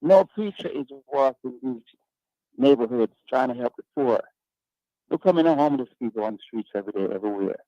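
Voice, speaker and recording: A man's voice: mid-range voice, expressive, brisk, no room sound. A man hosting a radio talk panel, arguing his points in an emphatic, preachy way. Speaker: radio talk show host. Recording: dull lo-fi radio sound.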